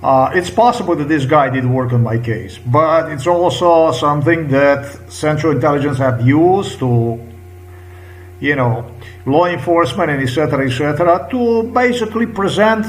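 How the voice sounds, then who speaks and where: A man's voice: a little high, low-quality recording. A man, speaking English in an emotional, insistent personal monologue full of fillers and restarts. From Slovenia. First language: Slovenian. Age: 50s. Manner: halting, many fillers and restarts. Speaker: vlogger.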